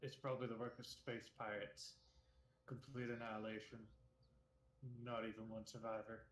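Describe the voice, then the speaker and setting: A man's voice: lowish voice, level tone, normal speed, lightly acted. A man voicing a stern male space police officer while reading a manga aloud, with a grave, matter-of-fact delivery. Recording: echoey room.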